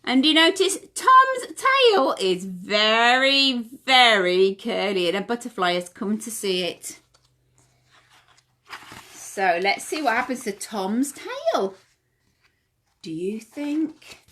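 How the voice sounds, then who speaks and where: Lively sing-song woman reading to toddlers. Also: on the high side, takes it slowly. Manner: asks children questions, sing-song. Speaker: playgroup leader. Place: home.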